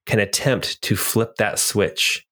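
A man's voice: on the low side, fairly even intonation, slow, sharp tone. A man narrating a tabletop game as game master, descriptive with some hesitant fillers.

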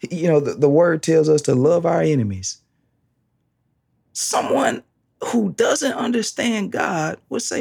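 Brief: husky, gravelly preacher, slow and emphatic, pitch swings widely through the sermon. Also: sing-song, a little mellow. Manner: emphatic, repeats key phrases, laughs often.

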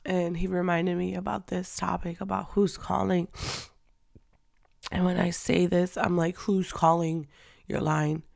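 A young woman hosting a faith-based talk show, speaking off the cuff in a candid, chatty way, laughing often and moving between quiet and loud. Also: fairly low pitch, flat delivery, a little slow, creaky, no echo, clean studio sound. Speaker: faith-based podcast host. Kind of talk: unscripted casual girl talk. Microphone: audio only, not on camera.

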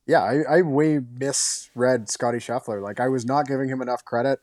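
A man's voice: mid-range voice, fairly even intonation, a little mellow, dry recording, clean studio sound. A man co-hosting a sports podcast, giving enthusiastic analysis in casual chat. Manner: enthusiastic, fast-flowing analysis. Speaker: podcast co-host.

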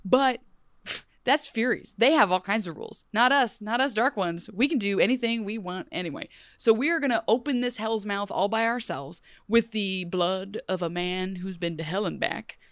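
A young woman co-hosting a casual TV recap podcast, talking fast and chatty with lots of fillers and jokes. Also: medium pitch, fairly bright tone, no room sound, studio quality. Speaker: podcast co-host.

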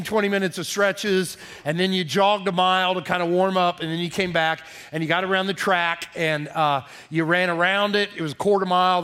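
A middle-aged man, a pastor preaching a sermon in a folksy, animated storytelling manner. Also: high-pitched.

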